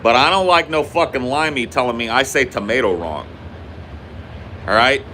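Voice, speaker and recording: A man's voice: mid-range voice, normal speed, pushed and bright, a little hiss or hum. A man from the United States co-hosting a podcast, trading casual banter and ranting in a profane, teasing way. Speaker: podcast co-host.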